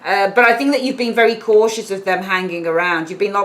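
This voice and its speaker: A woman's voice: mid-range voice, fairly even intonation, quick pace, a bit bright, low-quality recording. A woman giving a casual, chatty tarot reading, stressing points by repeating them. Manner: chatty, emphatic, repeats points, acts out little quoted exchanges. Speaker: tarot reader.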